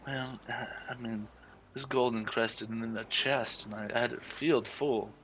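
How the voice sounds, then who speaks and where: A man playing a tabletop role-playing game, talking smoothly in character with hesitant fillers. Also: medium pitch, steady tone, unhurried, fairly bright tone, a little hiss or hum, rough recording. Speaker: player.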